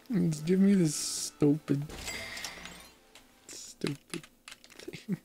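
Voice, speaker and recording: A man's voice: on the high side, gravelly, warm tone. A man streaming a video game, grumbling in frustration and calling himself an idiot as he plays. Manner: frustrated, self-deprecating grumbling. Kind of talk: casual gameplay commentary.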